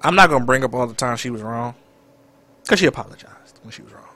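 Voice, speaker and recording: Young male co-host, dramatic and lively, dry close sound. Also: mid-range voice, fast, no echo. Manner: animated, dramatic outbursts. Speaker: podcast co-host. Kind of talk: casual chat.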